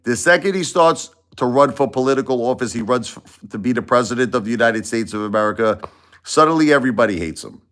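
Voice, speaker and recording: A man hosting a casual opinion livestream, rambling and repeating himself in an animated way. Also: mid-range voice, quick pace. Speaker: livestream host.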